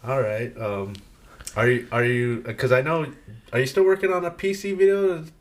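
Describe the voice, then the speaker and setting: A man's voice: mid-range voice, steady tone, moderate pace. A man hosting a casual skateboarding podcast, telling stories in a laid-back way with skater slang. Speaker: podcast host. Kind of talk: casual interview chat.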